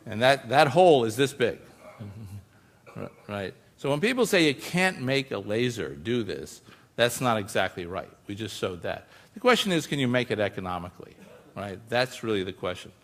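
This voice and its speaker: A man's voice: medium pitch, sing-song, moderate pace, a bit bright. A man giving a conversational public talk as a scientist, explaining informally and often tossing in asides to the audience. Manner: explains informally, often adds "you know" and "right?". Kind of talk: conversational presentation. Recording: long hall reverb.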